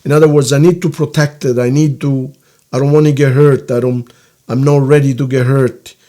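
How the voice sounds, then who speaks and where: A man giving a casual tarot reading, rambling and halting, now and then voicing quoted feelings in a hushed, soft tone. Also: medium pitch, level tone. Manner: rambling, halting, searches for words. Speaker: tarot reader.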